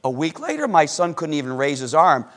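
High-voiced middle-aged man preaching. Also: brisk. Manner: animated storyteller, swings from loud excitement to hushed; asks the congregation questions. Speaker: pastor. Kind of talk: sermon with personal story.

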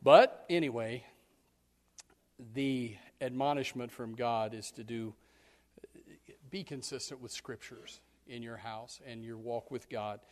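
A man preaching a sermon as pastor, folksy and animated, acting out scenes. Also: mid-range voice, slow, in a large hall. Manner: folksy, animated, acts out yelling parents and kids.

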